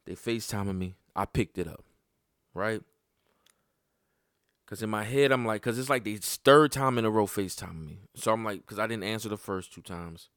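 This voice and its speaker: A man hosting a podcast, telling a personal story in casual, profane talk that climbs sharply in pitch when he gets worked up. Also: moderate pace, clear, resonant tone, no echo, studio quality. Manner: animated and profane, voice jumping up when heated. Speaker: podcast host.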